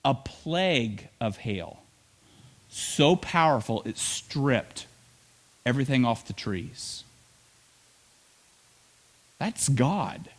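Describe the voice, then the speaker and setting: A man preaching a sermon as pastor, telling the story with playful asides and quick acted lines. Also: mid-range voice, animated.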